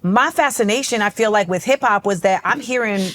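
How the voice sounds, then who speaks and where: A woman's voice: medium pitch, fairly quick, a bit bright. A woman from Florida, an interview guest, talking directly and bluntly in a casual chat. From Orlando, Florida, US.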